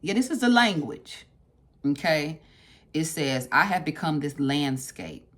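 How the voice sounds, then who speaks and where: A woman's voice: low-pitched, lively intonation, measured pace. A woman leading a casual book club discussion, talking conversationally, repeating phrases for emphasis and asking her listeners directly. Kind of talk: casual book discussion with read-aloud passages.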